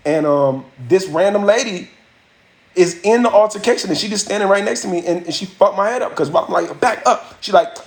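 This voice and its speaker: A man's voice: high voice, fairly quick. A man hosting a livestream, telling a story casually and animatedly, full of profanity and acted-out quotes. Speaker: livestream host. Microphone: phone or webcam mic.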